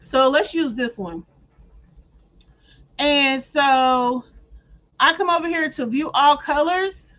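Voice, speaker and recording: A woman hosting a casual craft tutorial, walking viewers through each step in a chatty way, with playful slang and frequent throat clearing. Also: high-pitched, slow pace, long pauses, a bit bright. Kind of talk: casual screen-share tutorial. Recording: dull lo-fi audio.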